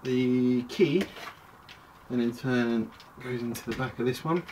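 A man talks through a toy review in a loose, chatty ramble, breaking off mid-thought and circling back. He is recorded from a distance at home, with clear background noise and plastic clicks under his voice. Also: mid-range voice, a little slow. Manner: rambling, chatty, self-interrupting. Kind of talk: casual toy review vlog.

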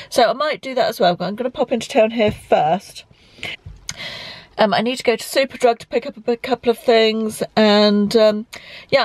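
English woman, 50s, fairly high voice, casual daily vlog, rambling, self-deprecating, handheld camera. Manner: chatty, rambling, self-mocking. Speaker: lifestyle vlogger. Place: car, then home.

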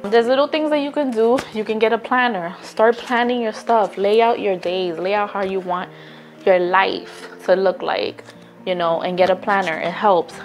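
A woman's voice: medium pitch, fairly even intonation, moderate pace, faint music behind. A woman talking straight to her phone camera in a casual, earnest vlog, encouraging viewers and often stopping to restart a thought. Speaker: vlogger. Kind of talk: casual motivational talk to camera.

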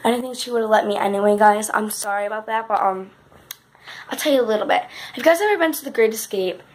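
A woman talking in a casual vlog, chatty and rambling, calling out to her viewers again and again. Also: mid-range voice. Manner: chatty, says "guys" constantly, rambling with restarts. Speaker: vlogger.

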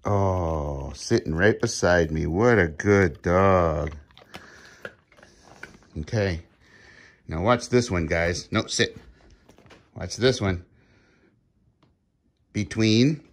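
A man's voice: low voice, drawn-out words, pauses often. A middle-aged man, casually filming himself giving short commands and easygoing praise to a dog. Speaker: dog owner filming a training demo. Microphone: handheld camera he films himself.

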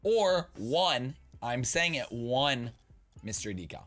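Bright, lively young man rambling over gameplay. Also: mid-range voice, slow pace. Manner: rambling, joking, swings into loud playful outbursts. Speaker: gaming YouTuber. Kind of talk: casual gaming commentary.

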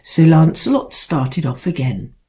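An older woman, an author, reading her own children's book aloud in an expressive, playful way. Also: sits low, measured pace.

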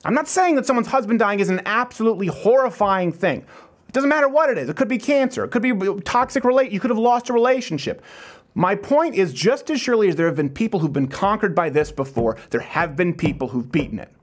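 A man's voice: sits high, lively intonation, fast. A man hosting a talk show, delivering an emphatic motivational monologue full of repeated phrases.

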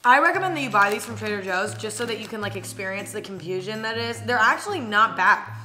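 A woman's voice: medium pitch, animated, fast, sharp tone. A young woman in a casual taste-test vlog, blunt and candid, swearing now and then. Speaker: vlogger. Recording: faint music underneath.

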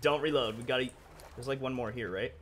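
A man's voice: medium pitch, a little fast, fairly bright tone, slight background noise. A man streaming a video game, talking to his chat in a rambling, profane way, heated and then apologetic. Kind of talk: live-stream chat while gaming.

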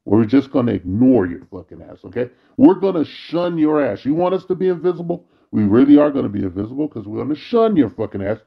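A man rants into the camera in a bitter, worn-out monologue that is thick with cursing. His voice is gravelly and husky. The recording sounds dull and lo-fi. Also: mid-range voice, sing-song, quick pace, few pauses. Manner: bitter, weary ranting, frequent cursing. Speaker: vlogger. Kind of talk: angry profane monologue.

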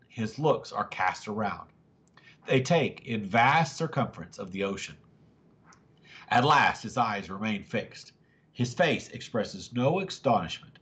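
Brief: male reader, mid pitch, very lively swings, dramatic novel narration. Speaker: family story reader. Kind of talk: reading a novel aloud.

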